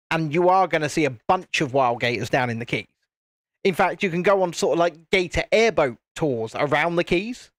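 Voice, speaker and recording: High-voiced, chatty British man. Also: no room sound, studio quality. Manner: chatty and jokey, laughs often, restarts sentences. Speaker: live-stream host. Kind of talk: casual chat while building, answering viewer comments.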